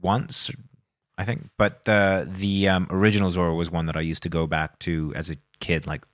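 A man's voice: low voice, level tone, moderate pace, no echo. A man co-hosting a film news podcast in a studio, musing in loose, qualified phrases. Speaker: podcast co-host. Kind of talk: casual film news chat.

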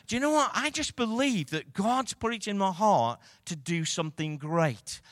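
A male pastor preaching a sermon, moving from quiet reflection to loud, rousing calls to the congregation. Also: sits high, animated, moderate pace, dry recording, clean studio sound.

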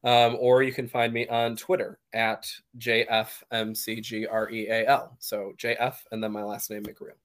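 A man's voice: fairly low pitch, completely flat delivery, moderate pace, few pauses. A man as a podcast guest, answering interview questions with many fillers and restarts. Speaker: podcast guest, college leader.

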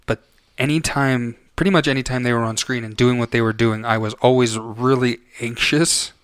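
A man's voice: medium pitch, fairly even intonation, moderate pace, a bit bright, clean tone, no echo. A man co-hosting a podcast, giving a casual film review in a rambling way, full of restarts and self-corrections. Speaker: podcast co-host.

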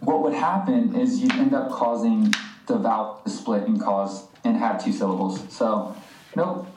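A man's voice: on the low side, measured pace, a little mellow, slight background noise. A man co-hosting a language podcast, teaching in a casual, jokey, slangy way. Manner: jokey, laid-back, slangy. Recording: echoey room, distant mic.

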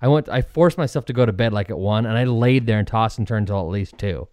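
A man's voice: lowish voice, fast, a little mellow, no echo. A man co-hosting a podcast in casual chat, rambling and laughing often, short on sleep. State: sleep-deprived. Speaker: podcast co-host.

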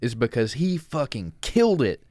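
A man's voice: medium pitch, sing-song, normal speed, a little mellow, no room sound. A man co-hosting a movie podcast, talking in a laid-back, dry way and swearing casually. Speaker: podcast co-host. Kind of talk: casual movie review chat.

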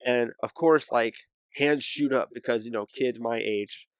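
A man's voice: mid-range voice, measured pace, clean tone, no room sound. A young man co-hosting a podcast, telling a story in a casual, rambling way with many fillers. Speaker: podcast co-host.

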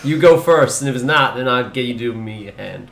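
A man's voice: mid-range voice, brisk, creaky. A man playing a tabletop game, playful and giggly. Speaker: player. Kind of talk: tabletop game role-play. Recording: echoey room.

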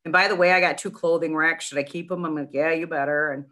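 A middle-aged woman, a guest in a casual interview, spinning a long anecdote. Her voice sits a little low but sounds bright and forward. She talks in an animated way, doubling back on her words as the story builds. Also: fast. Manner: chatty, animated storyteller with many restarts. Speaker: nonprofit founder, guest.

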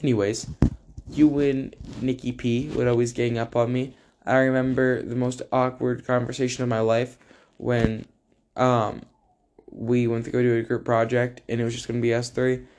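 A teenage boy talks in a loose, casual ramble, cracking jokes as he goes. He fills gaps with ums and wanders into side comments, and his voice sits at an ordinary middle pitch. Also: level tone, moderate pace, darkish tone. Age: teens. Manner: rambling, joking, lots of fillers and asides. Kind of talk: casual spoken tribute to a friend.

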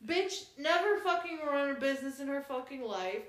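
A woman with a high voice chats casually about a book she is reviewing. She is blunt and sarcastic and swears constantly. The sound has a roomy echo. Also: lively intonation, normal speed. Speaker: podcast co-host.

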